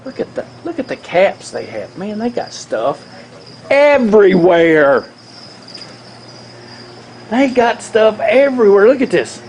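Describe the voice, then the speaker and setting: Excited man hosting a fishing show. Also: high-pitched, moderate pace, hardly any pauses, a little hiss or hum. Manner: enthusiastic, exclaiming. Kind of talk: excited walkthrough banter.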